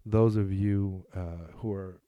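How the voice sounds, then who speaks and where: Rambling low-voiced podcast guy. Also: steady tone, slow pace, clean tone, dry recording, phone-quality sound. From New England. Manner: rambling, self-deprecating, thinks out loud. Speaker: podcast host. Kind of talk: casual solo podcast, reading listener emails.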